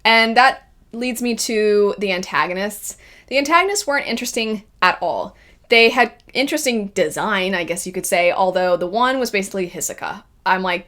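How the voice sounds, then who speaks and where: A woman reviewing a series in a casual spoken style, lively and acting out her own quoted reactions. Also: medium pitch, moderate pace. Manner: animated, acts out quoted reactions. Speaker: video reviewer.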